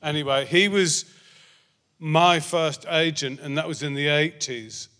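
On a theatre stage before a live audience, a male guest with a slightly high, sharp, clean voice tells a rambling anecdote at a measured pace and loses his thread. He speaks into a handheld mic, and the hall is reverberant.

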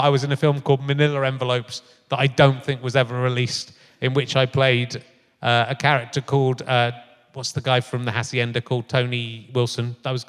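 A man's voice: medium pitch, fairly bright tone. Jokey middle-aged man in a reverberant hall. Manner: jokey, bawdy, laughs a lot. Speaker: podcast host. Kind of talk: live comedy podcast chat. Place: large live venue on stage. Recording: long hall reverb from a live venue.

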